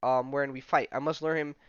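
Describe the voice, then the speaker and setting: A man's voice: medium pitch, vocal fry, clear, resonant tone, dry recording. A man voicing a proud male undersea prince who talks in lofty, archaic phrases, in a dull, dry recording. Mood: defiant.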